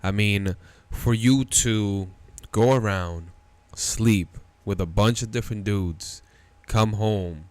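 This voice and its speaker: A man hosting a reaction show, speaking in a lower-than-average voice with blunt, incredulous commentary on a played clip. His delivery is dry and close to the mic, with no room sound. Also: slow pace, few pauses, darkish tone, dry recording.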